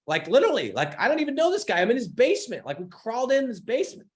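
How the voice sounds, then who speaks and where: A young man coaching his followers on business, telling a story in a casual, excitable way, swearing often and acting out what people said. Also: high-pitched, fast talker, hardly any pauses. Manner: excitable, swearing, animated retelling with voiced quotes.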